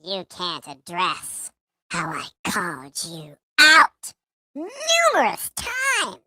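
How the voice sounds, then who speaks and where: A man putting on the voice of a smug online troll, with sneering, drawn-out words. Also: high voice, wildly swooping pitch, pushed and bright, no room sound, clean studio sound, voice pushed up, full character voice. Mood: mocking. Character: whiny mocking online troll, adult, smug.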